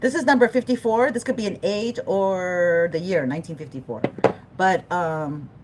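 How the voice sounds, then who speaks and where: A woman's voice: fairly low pitch, normal speed, noisy background. A middle-aged woman giving a live-stream tarot reading, chatting with viewers, laughing often and drifting off topic. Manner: animated and chatty, talks to the chat, laughs often, loses her thread. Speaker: tarot reader.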